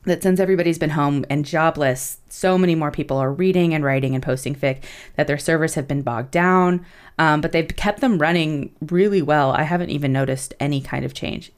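A young woman with a low-pitched voice hosts a casual podcast. She talks in a loose, chatty way, swears freely, and often laughs through her asides. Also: fairly quick, clean tone. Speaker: podcast co-host.

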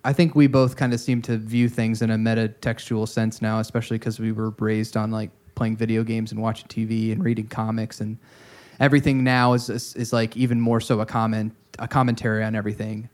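A man's voice: fairly low pitch, level tone, fairly quick, a little mellow. A man co-hosting a casual music podcast, thinking aloud with many fillers and restarts. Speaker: podcast co-host.

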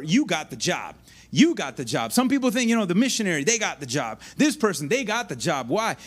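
High-voiced animated male pastor preaching. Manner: animated, conversational preaching with sudden drops to a hushed voice. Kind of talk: sermon.

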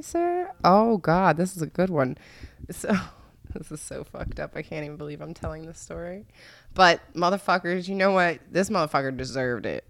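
A woman's voice: sits low, no echo. Foul-mouthed young woman telling a candid story. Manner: crude, swearing, laughing, confessional.

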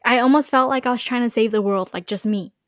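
A woman's voice: on the high side, fast, no echo. Young woman from california just chatting, says like a lot, super dry close sound. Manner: chatty, heavy on "like" and "you know". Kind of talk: casual chat.

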